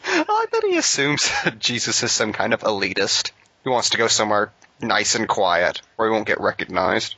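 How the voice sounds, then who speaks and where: A man's voice: on the low side, very animated, moderate pace, pushed and bright, breathy edge, no room sound, highs cut off. A man co-hosting a casual podcast chat, making dry, wry quips. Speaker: podcast co-host.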